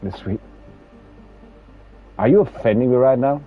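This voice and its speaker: A man's voice: mid-range voice, a little slow, highs cut off, soft background music. A Danish man with a Danish accent, streaming a game and chatting casually, repeating words as he talks. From Denmark. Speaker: gaming streamer. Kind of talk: casual chat while playing a game.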